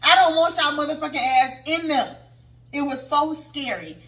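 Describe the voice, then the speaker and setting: A woman in her thirties co-hosting a podcast, telling a story in casual chat, animated and swearing freely. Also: high-pitched, normal speed. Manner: animated, swearing, acts out quotes. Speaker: podcast co-host. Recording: echoey room, distant mic, faint noise.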